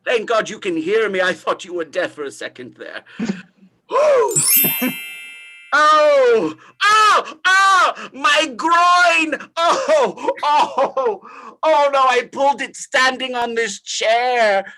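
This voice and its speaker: An actor improvising a greedy, remorseful old miser on a live stage, theatrical and overwrought. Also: male voice, sits high, lively intonation, normal speed, fairly bright tone. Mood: pained.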